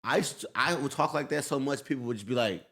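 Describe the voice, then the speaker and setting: Fast-talking man telling stories. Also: medium pitch, fairly bright tone. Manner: storytelling, acts out voices of people he quotes. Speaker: co-host. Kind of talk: casual podcast chat.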